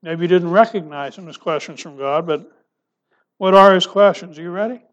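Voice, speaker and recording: A male pastor preaching a sermon, asking rhetorical questions and dropping his voice soft for emphasis. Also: high-pitched, moderate pace, dull audio.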